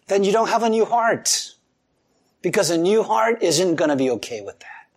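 Male pastor mid-sermon; very lively, swooping pitch, expressive and animated. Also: a little slow. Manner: animated preaching with laughs and acted-out quotes.

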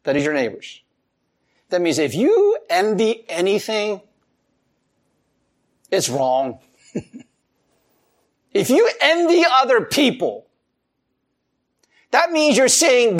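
Preaching slowly and pausing often, this male pastor stays animated, with frequent chuckles. He moves between booming emphasis and quiet, low-pitched asides.

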